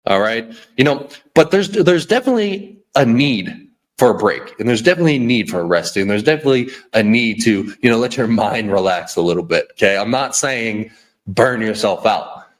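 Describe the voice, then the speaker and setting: A man's voice: medium pitch, expressive, brisk. A man hosting a podcast, giving a blunt, preachy motivational rant full of repeats and "okay?". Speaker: podcast host.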